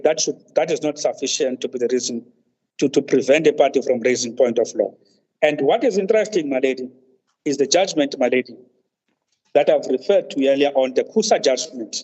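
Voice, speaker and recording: Lawyer guy on a muffled video call, kinda high voice, keeps saying my lady, stops and restarts a lot. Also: a little mellow. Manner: deferential, says "my lady" constantly, halting restarts. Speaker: counsel in a tribunal hearing. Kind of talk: formal legal argument.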